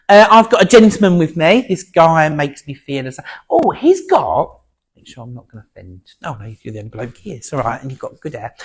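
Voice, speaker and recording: A man working as a medium before an audience at a spiritualist centre, talking in a chatty, halting way full of fillers and restarts. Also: a little high. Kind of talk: platform mediumship demonstration.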